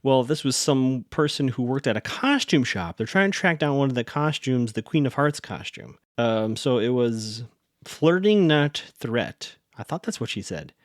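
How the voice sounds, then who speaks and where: A man's voice: medium pitch, expressive, normal speed, dry recording, clean studio sound. A man hosting a podcast, recapping a TV episode in a chatty, rambling way and often correcting himself. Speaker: podcast host.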